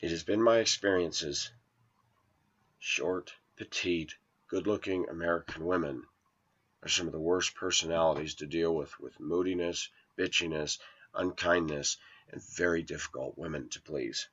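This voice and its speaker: Man, lower voice, aggrieved monologue vlogger, muffled lo-fi audio. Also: moderate pace, fairly bright tone, slightly rough. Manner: aggrieved, complaining, voice rising when quoting arguments. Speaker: vlogger telling a personal story. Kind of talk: rambling first-person monologue. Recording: lo-fi dull sound.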